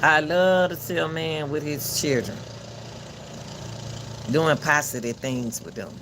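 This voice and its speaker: A man hosting his own channel, giving casual spoken commentary in a loud, projected coach's voice, emphatic and preachy, often repeating himself. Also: on the high side, takes it slowly, noisy background. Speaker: channel host commenting on a court case.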